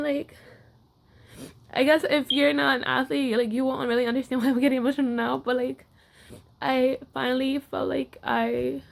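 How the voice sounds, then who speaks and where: A woman's voice: fairly high pitch, creaky, a little mellow. A young woman athlete casually telling a personal story to camera, with lots of filler words. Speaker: wrestler.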